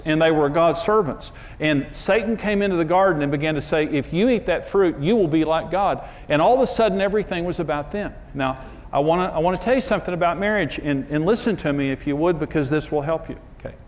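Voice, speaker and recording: Male TV marriage teacher, slightly high pitch, earnest and emphatic, confessional. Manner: earnest, emphatic storytelling with sudden pitch jumps; confessional, self-deprecating. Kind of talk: conversational sermon.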